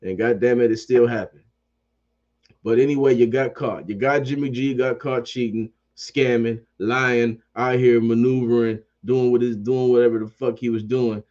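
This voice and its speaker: A man's voice: medium pitch, fairly even intonation, normal speed, a little mellow, lo-fi sound. A man ranting about sports as a fan commentator. He swears constantly, repeats phrases, and keeps up a heated, profane energy.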